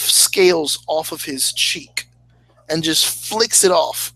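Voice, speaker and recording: A man narrating as game master of a tabletop game, halting and thinking aloud with many restarts. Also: a little high, bright, forceful tone, no echo, low-quality recording.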